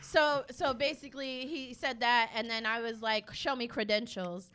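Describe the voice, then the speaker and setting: A woman's voice: on the high side, fairly even intonation, moderate pace, bright, forceful tone, clean tone. A young woman guest on a podcast, chatty and sassy, telling a story with lots of swearing. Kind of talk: casual storytelling chat.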